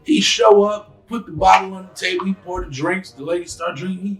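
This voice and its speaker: A man hosting a casual podcast, telling stories in a loose, animated way and acting out scenes in quick voices. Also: high-pitched, soft background music, low-quality recording. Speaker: podcast host. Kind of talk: casual chat.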